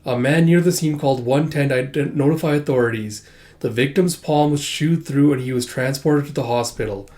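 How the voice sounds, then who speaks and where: A man's voice: medium pitch, fairly quick, warm tone. Casual man reading through a comic. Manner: loose and conversational, many fillers like "uh" and "like". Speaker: comic reader.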